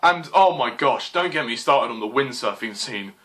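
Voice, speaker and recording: A man's voice: mid-range voice, lively intonation, moderate pace, a bit bright. A man giving an exasperated, swearing rant as a film reviewer, full of fillers like "you know" and "I mean.".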